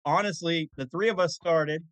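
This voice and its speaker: A man's voice: on the high side, moderate pace, no echo, rough recording. A man on a podcast, telling rambling stories in casual chat and often restarting his sentences. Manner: rambling, self-correcting storyteller. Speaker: podcast co-host.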